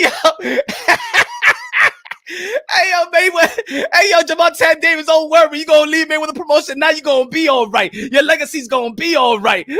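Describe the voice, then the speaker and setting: Bright-voiced laughing man preaching. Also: very high voice. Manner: loud, laughing, mock-preaching, breaks into song. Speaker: boxing channel host. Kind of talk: excited livestream rant.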